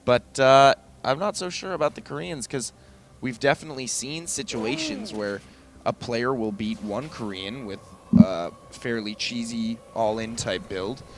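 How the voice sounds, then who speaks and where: A man casting a video game match, breaking down strategy in an analytical, measured way. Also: mid-range voice, a little hiss or hum. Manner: analytical, measured, speaks in quick asides. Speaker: esports caster. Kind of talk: play-by-play game commentary.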